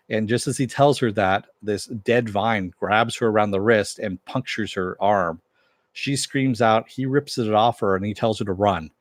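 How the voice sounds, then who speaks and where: A man's voice: fairly low pitch, a little slow, no room sound, studio quality. A man giving a rambling, offhand recap of a TV episode, swearing casually as he retells the plot. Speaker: TV episode reviewer.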